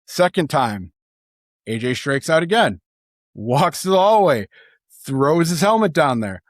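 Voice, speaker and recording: A man's voice: fairly high pitch, a little slow, no room sound, studio quality. Chatty male podcast storyteller. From Chicago area, USA. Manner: animated anecdote-telling, many fillers. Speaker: podcast co-host. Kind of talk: casual chat, storytelling.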